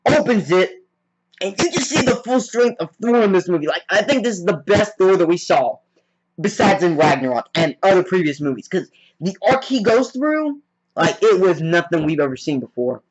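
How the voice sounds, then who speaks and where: A man with a slightly high voice rambles excitedly through a film recap, leaning on "like" between almost every phrase. The recording sounds dull and lo-fi, as if made on a cheap mic. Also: normal speed. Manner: rambling, heavy on "like" fillers; excitable fan. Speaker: movie reviewer. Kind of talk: casual spoiler recap.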